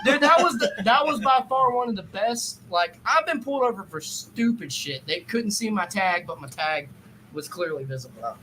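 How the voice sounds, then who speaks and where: A man's voice: high voice, moderate pace, a little hiss or hum, rough recording. A man telling a story in a loose, profane podcast chat, acting out both sides of the conversation. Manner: animated, profane, acts out quotes.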